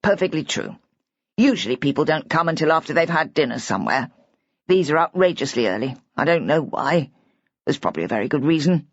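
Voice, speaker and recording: A woman voicing a whimsical, good-humoured older father who drawls and gently teases. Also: sits low, lively intonation, brisk, dry recording. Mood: teasing. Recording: dull, dry lo-fi audiobook recording.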